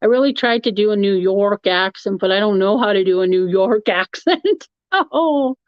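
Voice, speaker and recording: Answering her live chat in a relaxed ramble, this streamer laughs a lot as she talks with viewers. She has an animated, medium-pitched voice at a normal speed, captured dry and lo-fi with a dull tone and no echo.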